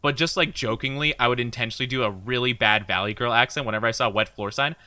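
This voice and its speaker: Young male streamer, bright dry voice, rambling, giggly, filler-heavy casual chat. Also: medium pitch, quick pace, dry recording. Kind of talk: casual chat while gaming.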